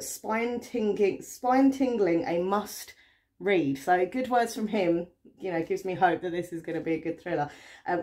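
A woman's voice: lowish voice, darkish tone. An English woman chatting to camera about her new books, rambling and enthusiastic with lots of fillers. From England. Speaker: book vlogger. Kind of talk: casual chat to camera.

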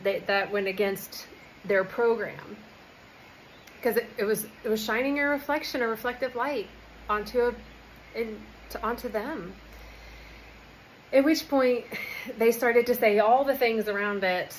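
A woman's voice: mid-range voice, a little hiss or hum, low-quality recording. A young adult woman spiritual guide telling a story in casual talk, with fillers and quoted lines.

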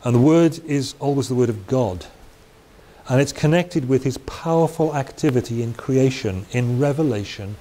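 A man's voice: mid-range voice, moderate pace, mellow. A man giving a Bible teaching talk in a conversational way, with chatty asides and restarts. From Wales. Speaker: preacher. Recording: faint hiss.

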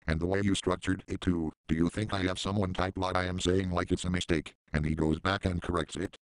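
Deadpan sarcastic man, very deep voice. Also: a little fast, hardly any pauses, smooth, no room sound. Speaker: commentary channel host. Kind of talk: mocking commentary.

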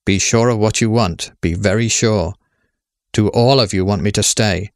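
A man's voice: fairly low pitch, dry recording, clean studio sound, lightly acted. A man reading as Death, a grave young lady. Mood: solemn. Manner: measured, solemn, pleading questions. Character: death as a golden-haired young woman, grave.

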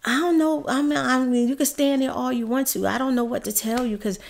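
A woman's voice: high voice, steady tone, brisk, vocal fry, voice pushed up. A woman mimicking a defensive, flustered male dentist who curtly repeats himself. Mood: dismissive.

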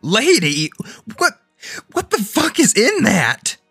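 Terrified young man, done by a woman: crude, husky, dry close sound, faint music. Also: medium pitch, wildly swooping pitch, slow, a bit bright, dry recording, full character voice. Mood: panicked. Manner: crude and frightened. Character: panicked, swearing young man.

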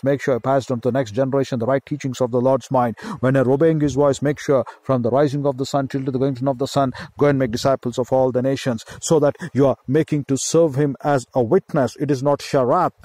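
A man delivers an emphatic sermon, returning again and again to the same phrases as he teaches scripture. His voice sits in a middle pitch, and the recording is dry and close with little room sound. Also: fairly even intonation, fast, hardly any pauses, mellow, no room sound. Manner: emphatic, repetitive Bible teaching with Hebrew word studies. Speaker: preacher.

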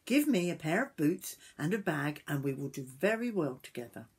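A woman's voice: low-pitched, very animated, moderate pace, husky, heavily acted. An older woman voicing a clever, scheming male cat in boots in a read-aloud storybook, bold and persuasive.

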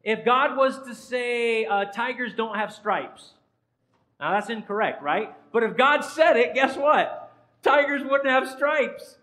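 A man's voice: very high-pitched, slow pace, pushed and bright, rough recording. A man, a pastor, giving an interactive sermon in a church and quizzing the congregation by name in a playful way. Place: church sanctuary.

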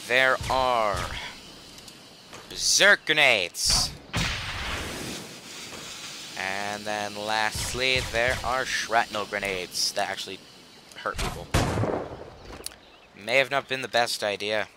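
A man's voice: fairly low pitch, unhurried, background noise. A teenage boy casually commentating a video game, rambling, chatty and silly, trailing off mid-sentence. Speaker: gaming channel host. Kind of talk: casual let's play commentary.

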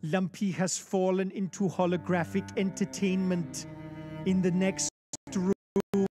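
A man putting on the voice of a grave, brooding older German narrator, with a German accent and slow, solemn, portentous delivery. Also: high voice, level tone, over music.

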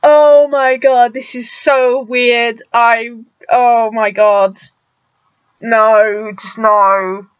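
Young woman, high voice, reaction vlogger, incredulous exclaiming, stumbling restarts, dull lo-fi audio. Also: level tone, extremely slow, smooth, dry recording. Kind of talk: reaction video commentary. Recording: dull lo-fi sound with faint music.

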